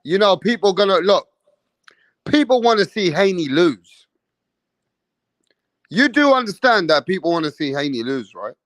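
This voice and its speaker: Slangy boxing streamer. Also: male voice, sits high, big pitch swings, normal speed, long pauses, no echo. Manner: shouts out chat users, slangy and emphatic. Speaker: boxing channel host. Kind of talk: casual live-stream chat.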